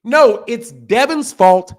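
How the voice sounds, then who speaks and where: A man hosting a boxing channel stream, giving heated, mocking commentary with drawn-out emphasis. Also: very high voice, lively intonation.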